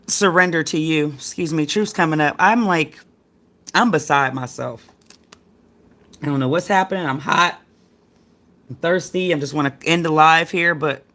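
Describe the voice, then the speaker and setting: A woman's voice: fairly low pitch, fairly bright tone. A middle-aged woman giving a casual tarot reading on a livestream, talking in a rambling, slangy, chatty way to her viewers. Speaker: tarot card reader.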